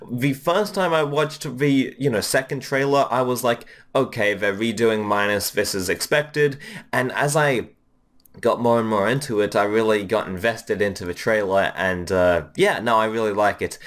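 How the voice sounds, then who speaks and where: A man's voice: medium pitch, fairly bright tone. A man giving a casual, rambling review of a trailer, with many fillers and restarts. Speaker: video reviewer.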